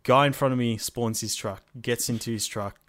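A man's voice: mid-range voice, steady tone, normal speed, fairly bright tone. A man co-hosting a podcast, telling a gaming story in a laid-back way and swearing freely. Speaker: podcast co-host. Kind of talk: casual storytelling chat.

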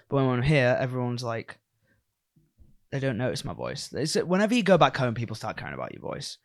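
A man's voice: mid-range voice, sing-song, a little fast. A man from England hosting a podcast, talking in a chatty, loose, rambling way and swearing freely. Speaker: podcast host. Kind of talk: casual chat.

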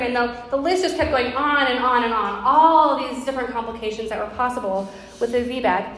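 Speaking a little high, fairly quickly and with some brightness, a thirties-aged woman pastor tells a personal story during her sermon, earnest and conversational. The sanctuary recording carries heavy echo and a faint background noise.

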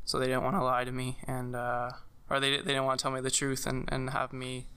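Gravelly, bright-voiced young man telling a story. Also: mid-range voice, monotone. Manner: halting, many fillers and restarts. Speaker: guest sharing a personal story. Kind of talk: casual conversational storytelling.

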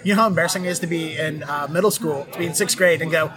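A man's voice: fairly high pitch, very fast, music in the background. A man from Baltimore hosting a podcast interview, rambling and joking with plenty of fillers. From Baltimore, USA. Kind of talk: casual interview chat. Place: busy film festival venue. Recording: crowd chatter behind.

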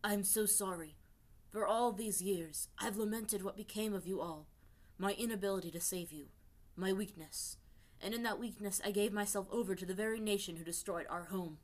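A woman voicing a big male earthbending guard, loud and rough at first, then soft and remorseful. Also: mid-range voice, normal speed, lightly acted.

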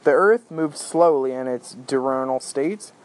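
A man reading a novel aloud in a steady storytelling manner. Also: medium pitch, takes it slowly. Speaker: audiobook reader. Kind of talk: audiobook narration.

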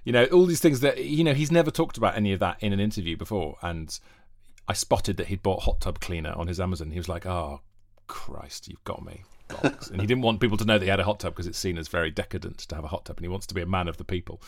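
Fast-talking man, chatty. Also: sits low, no echo, studio quality. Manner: enthusiastic, rambling anecdotes. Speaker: podcast host as guest. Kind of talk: chatty interview.

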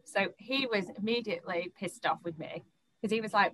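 On poor audio, a young woman gives an interviewer a personal account in a mid-pitched, fairly bright voice. Her speech comes in halting bursts as she repeats words and restarts sentences to gather her thoughts.

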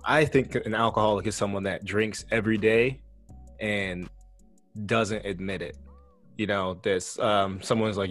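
Laid-back low-voiced young man. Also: steady tone, moderate pace, a bit bright, soft background music. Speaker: podcast co-host. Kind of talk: casual chat.

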